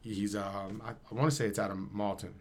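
A man, telling a story as a guest in a casual interview, slangy and animated, acting out the dialogue. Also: fairly low pitch, fairly quick. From Camden, New Jersey.

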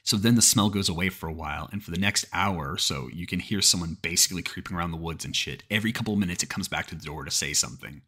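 A man's voice: low voice, quick pace, hardly any pauses, bright, forceful tone, breathy edge. A man narrating a creepypasta horror story in a cursing, casual way, often restarting mid-sentence.

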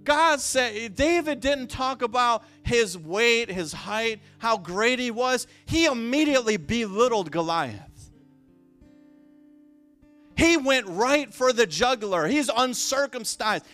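High-voiced impassioned male preacher. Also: animated, takes it slowly, soft background music. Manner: impassioned, building to shouts, repeats phrases for emphasis. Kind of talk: sermon.

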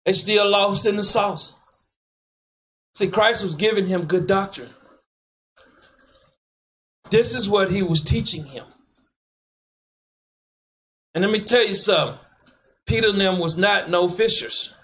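A man preaching, commanding his reader to read on and firing back sharp questions. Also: sits high, poor audio. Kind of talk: street preaching with scripture reading.

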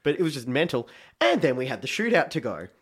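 An Australian man telling a football match story in a casual chat, animated and acting out shouts. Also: mid-range voice, quick pace, husky.

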